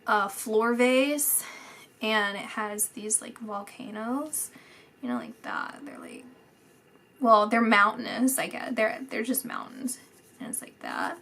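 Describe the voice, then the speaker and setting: A woman talks through a psychic reading at an unhurried pace. Her voice is bright and a little tense, and she hesitates often, trailing into soft near-whispers before picking back up. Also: fairly high pitch, very animated. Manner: hesitant, many fillers, drifts into soft whispers. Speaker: psychic reader. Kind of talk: casual spoken psychic reading.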